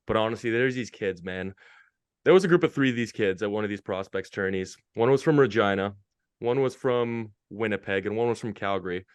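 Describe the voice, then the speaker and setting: A man telling stories as a guest on a casual podcast, energetic and full of slang. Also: lowish voice, brisk, clean tone, no echo. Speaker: guest, hockey media interviewer.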